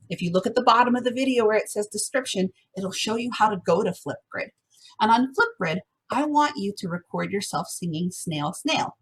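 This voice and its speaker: A woman's voice: medium pitch, a bit bright, breathy edge. A woman music teacher giving an encouraging online lesson to first graders, sometimes singing the song examples.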